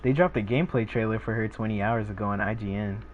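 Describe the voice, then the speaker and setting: A man's voice: fairly low pitch, fairly even intonation, fast talker. A teenage male gaming streamer chatting casually with viewers, rambling along with lots of fillers and restarts. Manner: rambling, laid-back, many fillers and restarts. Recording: tinny phone-like sound with faint noise.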